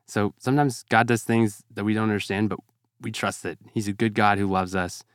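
A low-pitched man talks through a Bible passage in a measured, explanatory way. His voice is smooth and clear. The sound is close and dry, with no room echo. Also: fairly even intonation. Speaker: podcast guest. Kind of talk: Bible discussion.

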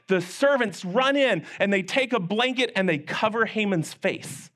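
High-voiced man telling a children's sermon. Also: moderate pace, hardly any pauses. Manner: animated, acts out characters' lines with big pitch swings. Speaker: children's pastor. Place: church.

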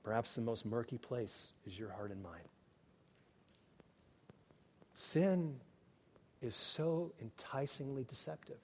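A man delivering a sermon as pastor, earnest and shifting between hushed, quiet passages and emphatic, raised ones. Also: mid-range voice, takes it slowly, long pauses. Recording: long hall reverb.

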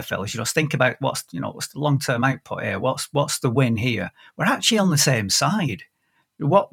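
Husky man telling stories. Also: medium pitch. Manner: animated storyteller with frequent restarts. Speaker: podcast host. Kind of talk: casual conversation.

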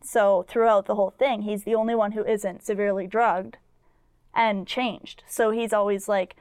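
A woman's voice: mid-range voice, flat delivery, normal speed, a little mellow, clear, resonant tone, no echo, clean studio sound. A young woman co-hosting a podcast, retelling a film in a rambling casual chat full of "like" fillers. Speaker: podcast co-host.

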